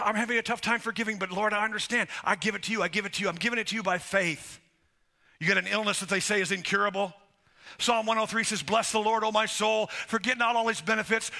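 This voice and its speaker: A man's voice: high voice, vocal fry. A man preaching a sermon as pastor, exhorting the congregation directly and quoting scripture. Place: church sanctuary. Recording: music under the voice. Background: band playing softly.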